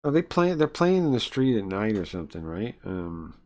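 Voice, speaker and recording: Low-voiced male streamer, casual and rambling, reads game text aloud between asides. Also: sing-song, moderate pace, darkish tone. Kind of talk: casual live-stream chat and read-aloud.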